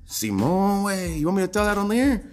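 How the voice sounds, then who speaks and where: A man's voice: high voice, sing-song, brisk, darkish tone, voice pushed up. Guy doing a stoned potty-mouthed ex drug runner, slurry chicano slang, faint music behind. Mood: stoned, crude. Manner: profane Chicano slang talk; slurred, rambling, laid-back. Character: crude stoned retired male drug runner. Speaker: comedy guest character.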